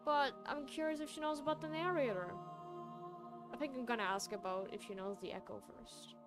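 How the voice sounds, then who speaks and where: A woman's voice: sits high, fairly even intonation, a little fast. A young woman streaming a game, emotional and reading the on-screen text aloud. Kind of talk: casual let's-play commentary. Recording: game music behind.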